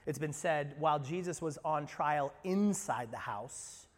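A man preaching a sermon as pastor, animated, swinging from loud bursts to quiet low asides. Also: a little slow, long reverb tail. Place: church sanctuary.

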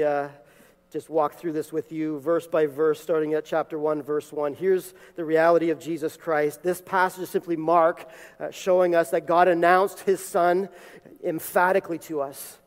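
A man's voice: a little high, level tone, moderate pace. A man preaching a sermon in a church, reading scripture, praying, and teaching with emphatic rises. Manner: emphatic, building to loud peaks. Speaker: pastor. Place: church sanctuary. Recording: long hall reverb.

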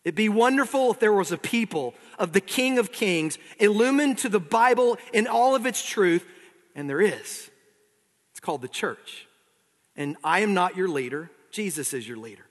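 Pastor guy giving a sermon, kinda high voice, long reverb like a big church. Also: lively intonation, moderate pace. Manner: conversational preaching, reads aloud at length.

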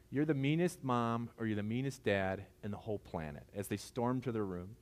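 A man's voice: mid-range voice, fairly quick, hardly any pauses, a little mellow. A man in his forties, a pastor giving a sermon in a conversational, storytelling way, often asking the congregation questions.

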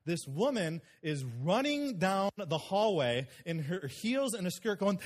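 Brief: man in middle age, pastor, lively storytelling sermon, high voice. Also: moderate pace, creaky, slightly rough. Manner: animated, acts out quoted people.

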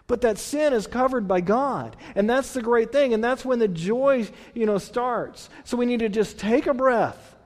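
A man's voice: very high voice, normal speed, hardly any pauses, darkish tone, in a large hall. A man, a pastor, preaching a conversational sermon, reading scripture and then explaining it with restarts and questions to the congregation. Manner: restarts and repeats words, asks the congregation questions.

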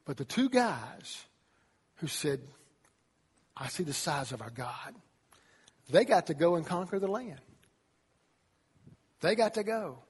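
Husky high-voiced man preaching in a hall. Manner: animated preaching, acting out quotes in changing voices. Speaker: youth pastor. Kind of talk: sermon. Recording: long reverb of a large hall.

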